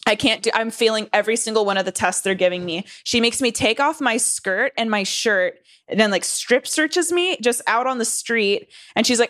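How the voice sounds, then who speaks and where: A Southern California woman in her twenties tells a rambling, profane story full of fillers and restarts, speaking at normal speed with few pauses in a fairly bright tone. She voices quoted people in a higher pitch, and the studio sound is clean with no room noise.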